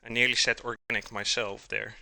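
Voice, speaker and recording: A man's voice: medium pitch, little pitch movement, brisk, vocal fry, noisy background. A man hosting a live cooking stream, chatting casually and calling his viewers "guys" as he cooks.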